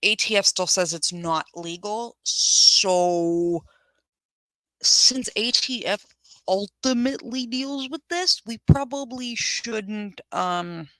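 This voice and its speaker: A woman hosting a live show in a blunt, sarcastic voice that stays in a middle pitch. She swears freely and chats straight back to viewers. The sound is dry and close, with no room around it. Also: slow pace, fairly bright tone, dry recording, poor audio. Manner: chatty, reads viewer comments aloud. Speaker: host of a firearms channel. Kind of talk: casual live commentary.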